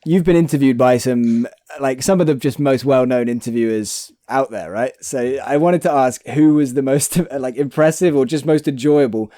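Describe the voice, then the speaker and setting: A man's voice: medium pitch, moderate pace, hardly any pauses, mellow, no room sound, clean studio sound. A man hosting a podcast interview, friendly and chatty, often affirming his guest and loosely framing his questions. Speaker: podcast host. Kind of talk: casual interview.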